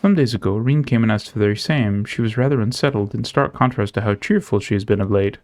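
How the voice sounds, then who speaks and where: A man voicing a gentle, devoted woman of a city in a game, reading her lines in formal, old-fashioned phrasing. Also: on the low side, quick pace, faint music behind, close to an everyday voice. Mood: earnest. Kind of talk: reading game dialogue aloud.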